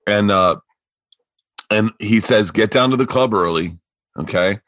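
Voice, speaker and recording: A man from Florida hosting a podcast, telling comedy-club stories in a casual, animated way with profanity and quick asides. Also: lowish voice, dry recording. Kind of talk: casual storytelling chat.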